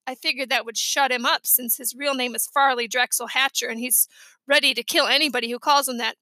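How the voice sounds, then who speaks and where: A woman narrating a children's book aloud in a lively, expressive way. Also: high-pitched, a little fast, dry recording. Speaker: audiobook reader.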